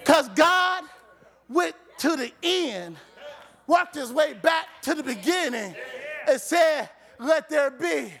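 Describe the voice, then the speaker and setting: A man preaching in a church, his voice very high and gravelly. He shouts slowly and at length and keeps calling back to the people. A faint crowd murmurs behind him. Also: animated. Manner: shouting, call-and-response with congregation. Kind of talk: sermon.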